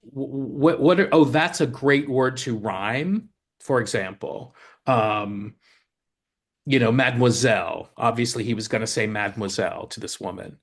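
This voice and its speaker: A man's voice: mid-range voice, normal speed. A lyricist and co-host in casual talk, explaining his craft with eager restarts as he thinks aloud.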